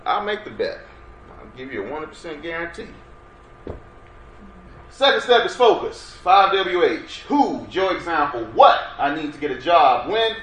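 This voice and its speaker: A man presenting an interactive workshop lecture with energy, urging the audience to answer. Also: on the high side. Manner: energetic, coaxes audience to respond. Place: workshop room. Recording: roomy room sound, faint background noise.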